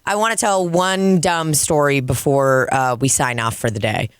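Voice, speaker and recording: A woman comedian co-hosting a podcast, telling stories in a casual, profane, animated way. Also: low-pitched, normal speed, clean tone, no room sound, clean studio sound. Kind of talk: casual podcast chat and storytelling. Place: dining room.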